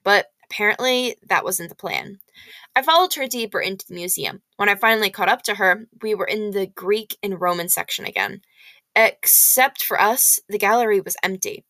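A woman reading a novel aloud in expressive first-person storytelling. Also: mid-range voice, moderate pace, no room sound.

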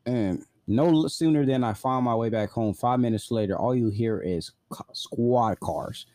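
A man's voice: mid-range voice, normal speed, mellow, no echo. A man casually telling a personal story, blunt and profane, full of "like" fillers.

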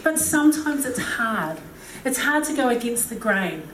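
A middle-aged woman gives a humorous, self-deprecating talk, laughing often and acting out what people said. Her voice sits fairly high. The sound comes from an echoey hall with a faint hiss behind it. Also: big pitch swings, moderate pace, a bit bright, far from the mic. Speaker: speaker.

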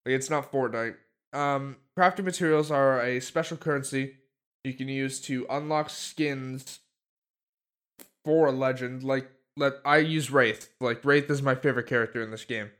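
A man's voice: mid-range voice, fairly even intonation, moderate pace, a bit bright. A man co-hosting a podcast in casual chat, rambling with many fillers and restarts. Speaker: podcast co-host.

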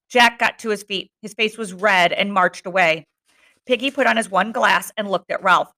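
A woman reading a novel aloud chapter by chapter, narrating steadily and pausing for short asides. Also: medium pitch, sharp tone. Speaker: reader.

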